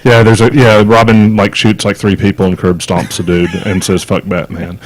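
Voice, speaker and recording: A lower-voiced man co-hosting a casual podcast. He rambles and hesitates, repeating words and leaning on fillers as he talks. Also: steady tone, normal speed, poor audio. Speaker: podcast co-host. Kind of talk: casual chat.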